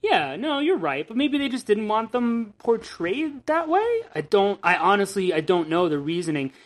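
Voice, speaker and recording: A woman's voice: mid-range voice, very animated, moderate pace. A woman hosting a podcast in casual chat, talking loosely with restarts and the odd swear word. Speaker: podcast host.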